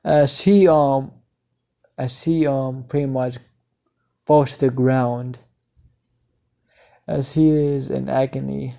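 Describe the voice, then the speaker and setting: Slow, gravelly man narrating a story. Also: mid-range voice, steady tone, warm tone. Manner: halting, many fillers and restarts, chained "as she" clauses. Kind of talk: improvised fan-fiction narration.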